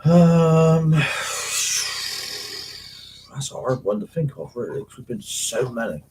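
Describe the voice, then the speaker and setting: An English man hosts a livestream for paranormal investigators, rambling through sweary stories in casual slang. His voice is on the high side and sing-song, slow and dark in tone, on a rough recording with slight background noise.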